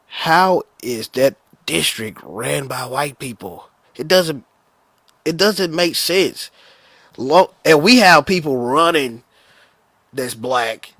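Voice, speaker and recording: A man's voice: medium pitch, a bit bright. A blunt man speaks casually on a debate panel. He uses slang and answers points directly. The room sounds dry and close, with almost no reverb.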